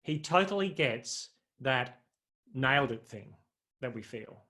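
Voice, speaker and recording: A man's voice: medium pitch, lively intonation, slow pace, bright, forceful tone. A man preaching a sermon in a conversational, humorous way, often putting questions to his listeners.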